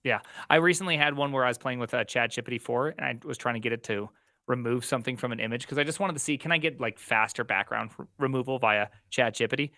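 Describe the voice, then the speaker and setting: A man co-hosting a casual tech podcast, excitable and full of quick restarts. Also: medium pitch, no room sound, studio quality. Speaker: podcast co-host.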